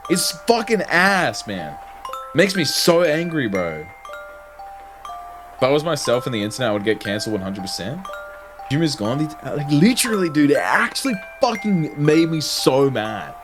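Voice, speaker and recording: Young guy streamer ranting at chat, lively up-and-down voice, swears a lot, music going in the back. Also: a little high, moderate pace. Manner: animated, heavily profane, slangy. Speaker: livestreamer. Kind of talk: casual livestream rant to chat.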